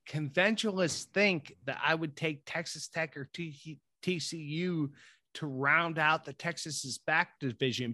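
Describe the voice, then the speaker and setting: A man with a bright, fairly high voice talks college football on a podcast. He is casual and profane, dropping into mumbled asides and then bursting into excited pitches. The sound is dry and close. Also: moderate pace, no room sound. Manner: animated, profane, swings from mumbling asides to loud hype. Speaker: podcast co-host. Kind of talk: casual sports podcast chat.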